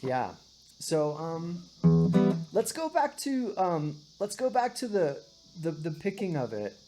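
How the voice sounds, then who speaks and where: A woman's voice: lowish voice, very animated, slow. A woman teaching a one-on-one guitar and singing lesson, patiently explaining and often checking in with "right?". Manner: patient, explains with many "right?" checks, sings short demonstrations.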